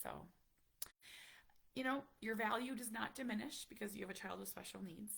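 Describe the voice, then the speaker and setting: A woman's voice: mid-range voice, moderate pace, gravelly, breathy edge. A woman in her thirties, a parent chatting candidly and emotionally with viewers on a live stream. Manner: candid, emotional, softly confiding. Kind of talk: casual live-stream chat.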